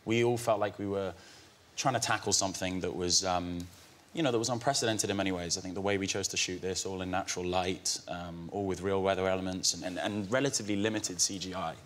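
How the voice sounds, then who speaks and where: Low-voiced young man, laughing, music behind. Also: steady tone, fast talker, fairly bright tone. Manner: laughing, self-deprecating. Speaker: actor guest. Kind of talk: casual interview chat. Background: music and crowd.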